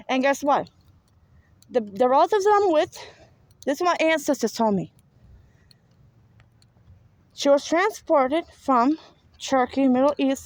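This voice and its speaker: Woman, New York accent, high voice, rambling and profane, repeats herself, talking from a car. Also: no room sound, low-quality recording. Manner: profane, repetitive, rambling, insistent. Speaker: spiritual vlogger. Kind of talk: rambling monologue to viewers.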